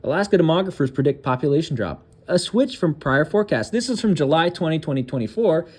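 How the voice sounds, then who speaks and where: A man's voice: a little high, lively intonation, a little mellow, breathy edge. Sarcastic man reading news with crude asides. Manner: loose, halting reading with fillers and restarts. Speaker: political commentary host. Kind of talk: reading a news article aloud with commentary.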